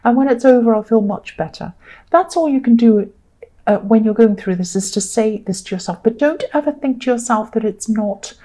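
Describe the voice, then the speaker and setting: A woman giving a solo tarot reading, speaking gently and reassuringly with frequent ums. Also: medium pitch. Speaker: tarot reader.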